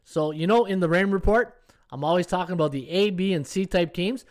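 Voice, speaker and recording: A man in his fifties hosts a sports betting live stream with a fairly high voice for a man. He talks in a loose, chatty way and keeps checking in with his listeners. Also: brisk. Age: 50s. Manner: chatty, tags lines with "right?". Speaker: sports betting podcast host. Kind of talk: casual live-stream commentary.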